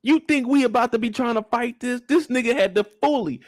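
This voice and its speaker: A young man giving a casual, profane, joking recap of a TV episode, lively and quick to burst into loud shouts. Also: very high voice, no echo, clean studio sound. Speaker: show recap reviewer. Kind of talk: casual live recap commentary.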